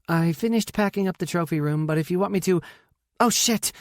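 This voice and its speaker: A man voicing a hurried, flustered woman, the hero's sister, in an audiobook. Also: lowish voice, a little mellow, dry recording, clean studio sound, voice pushed up, lightly acted. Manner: hurried, startled.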